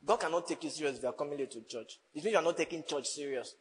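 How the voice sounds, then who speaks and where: A man's voice: fairly high pitch, lively intonation, rapid-fire, long reverb tail, slight background noise, poor audio. A man preaching a sermon as a pastor, teasing his congregation and laughing often. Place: church hall.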